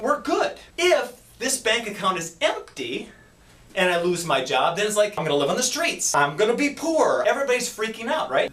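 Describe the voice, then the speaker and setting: Animated man explaining health topics. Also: sits high. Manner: animated, acts out little quoted exchanges. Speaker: doctor hosting a health video series. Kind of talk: casual educational health talk. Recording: echoey room, distant mic.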